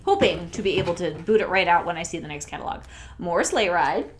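A woman talking through a product haul in a casual vlog, gushing and chatty, sometimes dropping to a soft near-whisper. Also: lowish voice, lively intonation, brisk, background noise. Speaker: scent consultant and channel host.

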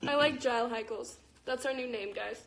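A woman's voice: a little high, moderate pace. A young adult woman singer in a casual livestream chat, giggling often as she talks.

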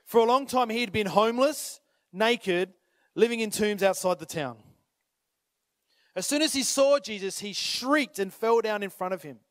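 A man preaching a sermon as pastor, swinging between urgent, rising calls and quiet appeals, sometimes acting out the people in the story. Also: high voice, expressive, moderate pace, no room sound. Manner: impassioned, rises to urgent calls then drops to quiet; acts out voices when retelling scripture.

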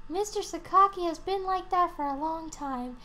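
Brief: high, bright friendly game figure , voiced by a woman, fond. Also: normal speed. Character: friendly man, old friend of the leader.

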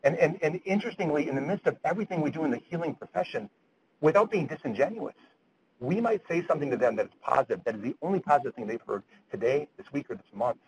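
A man's voice: fairly high pitch, expressive, fast, dull audio, a little hiss or hum. A man lecturing physicians at grand rounds, retelling a story earnestly and often repeating words as he goes.

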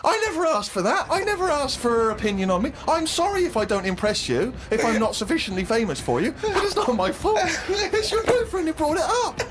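A man's voice: very high-pitched, sing-song, fairly quick, hardly any pauses. A man, a podcast co-host, telling a comic story in casual chat with a rising, exasperated manner.

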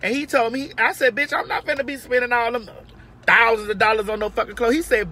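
Loud brassy woman ranting advice in her car, high bright voice, cusses a lot. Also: fast talker. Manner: brash, profane, emphatic advice-giving. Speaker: vlogger giving advice. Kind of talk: casual car chat monologue. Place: inside a parked or moving car.

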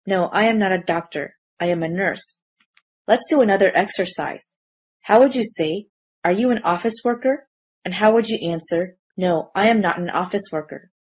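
A woman teaching a language grammar lesson in scripted narration, explaining clearly and reading out example sentences in a measured way. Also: medium pitch.

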